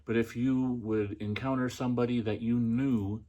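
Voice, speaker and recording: A man's voice: medium pitch, steady tone, moderate pace, warm tone, muffled recording. A middle-aged man hosting a podcast, telling a personal story in a casual, chatty way with many fillers and restarts. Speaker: podcast host.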